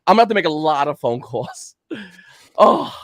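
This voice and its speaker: A man telling a story in casual chat on a livestream, acting out the quotes in an animated way. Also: fairly high pitch, moderate pace, dry recording, studio quality. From Kentucky. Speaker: livestream guest.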